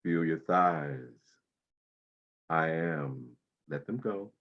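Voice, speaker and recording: A man leading a guided breathing meditation, speaking slowly and soothingly with long pauses. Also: very deep voice, muffled recording.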